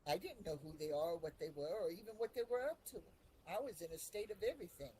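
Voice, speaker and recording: A woman telling her character's story in character, emotional and halting, with restarts when feelings rise. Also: fairly low pitch, expressive, dark tone, a little hiss or hum, low-quality recording. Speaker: roleplay player.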